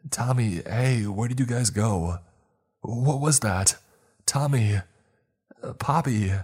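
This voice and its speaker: A man's voice: low-pitched, unhurried, darkish tone, slightly rough, pitched above the performer's own voice. A man voicing a frightened sixteen-year-old boy who pleads and cries out in alarm. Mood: panicked. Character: frightened teenage boy, sixteen, desperate and panicked.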